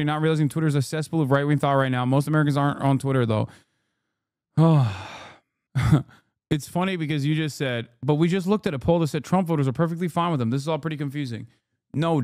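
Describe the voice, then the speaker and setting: A man rants through political commentary on a livestream, firing off profanity and jabs at his chat in quick, combative bursts. His voice sits fairly high for a man, and the sound is dry and close with no room around it. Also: a little mellow, no echo. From lives in California. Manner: profane, combative, rapid-fire. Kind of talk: ranting reaction commentary to live chat.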